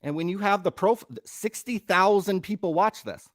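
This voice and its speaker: A man's voice: sits high, normal speed, a bit bright, no room sound, studio quality. A man co-hosting a live show, ranting with heavy profanity and emphatic, worked-up conviction. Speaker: podcast co-host. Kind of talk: heated live-stream rant.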